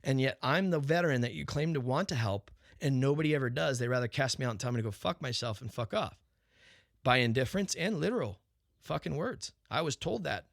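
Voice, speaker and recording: A man's voice: mid-range voice, animated, fairly quick, vocal fry, no echo, studio quality. A man hosting his own talk show, ranting profanely in an unscripted monologue, firing rhetorical questions and restarting his sentences.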